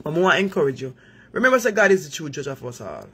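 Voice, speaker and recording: A woman's voice: deep voice, very animated, very fast, a bit bright, slightly rough. A Jamaican woman hosting a live stream, giving earnest moral advice in patois-laced talk. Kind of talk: preachy live chat.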